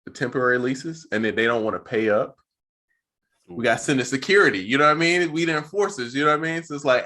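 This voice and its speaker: A man co-hosts a podcast about music production, talking casually and full of slang. His voice sits at a middle pitch. He tells stories in an animated way and calls his co-host "bro.". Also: fast talker. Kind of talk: casual chat.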